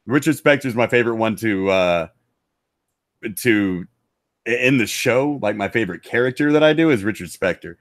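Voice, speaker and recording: A hoarse man with a lowish voice that swings widely as he jokes around. He is a voice actor chatting casually and crudely as a guest on a podcast, and his tone is loose and playful. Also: moderate pace, no room sound, studio quality. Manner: crude, joking, lively.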